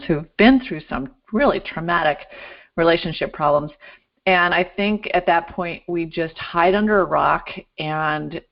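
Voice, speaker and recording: A woman's voice: lowish voice, muffled recording. A woman hosting an interview show, earnest and encouraging as she thanks her guest. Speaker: show host. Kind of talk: casual interview talk.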